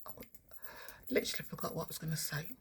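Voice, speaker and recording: A woman's voice: low voice, expressive, fast talker, a little hiss or hum. A woman, ranting and swearing heavily in an angry, rambling monologue outdoors. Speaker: spiritual vlogger.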